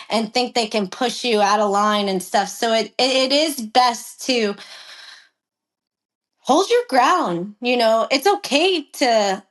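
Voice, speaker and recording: A woman jockey in a casual interview, animated and blunt, acting out heated exchanges and swearing freely. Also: a little high. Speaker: guest, professional jockey.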